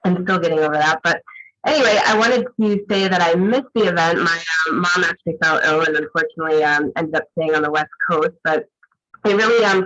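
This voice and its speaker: A man speaking on a video call panel in a groggy morning voice, reflective and hesitant with many pauses. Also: fairly high pitch, bright, forceful tone, lo-fi sound. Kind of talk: casual video call talk.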